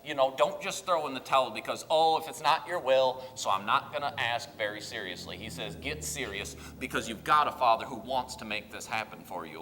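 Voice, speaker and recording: A man preaching a sermon in an earnest, pleading way, with loud emphatic bursts. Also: on the high side. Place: church sanctuary. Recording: long hall reverb.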